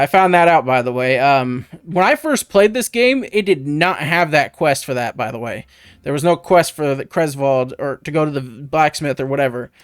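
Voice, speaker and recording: A man's voice: on the high side, no room sound. A man hosting a let's play, giving casual gameplay commentary with rambling, offhand tips to viewers on a close mic.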